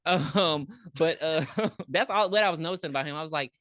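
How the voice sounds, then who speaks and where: A woman's voice: low voice, moderate pace, no room sound, clean studio sound. A woman co-hosting a podcast, recapping a movie in casual chat and acting out the characters with lots of ums. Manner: animated storytelling, acts out characters, frequent ums. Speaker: podcast co-host.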